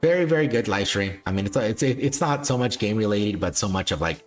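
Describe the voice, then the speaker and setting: A man's voice: lowish voice, animated, fairly quick, soft background music. A man hosting a livestream, chatting casually and repetitively with frequent chuckles. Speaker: livestream host.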